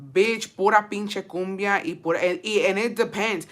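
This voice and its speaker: Chatting casually with her stream's viewers at a moderate pace, the Texas woman speaks in a mid-range voice. She curses freely and code-switches between Spanish and English.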